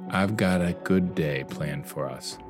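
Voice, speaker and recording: A man quietly voicing his loving wife, soft and reassuring. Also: low-pitched, measured pace, music in the background. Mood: gentle. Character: gentle, loving wife comforting her husband.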